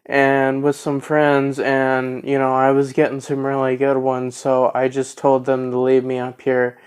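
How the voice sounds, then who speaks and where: A man putting on the voice of an oblivious, easily panicked nerdy young man, higher and louder than his own voice. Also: completely flat delivery, measured pace, smooth, lightly acted. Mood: excited.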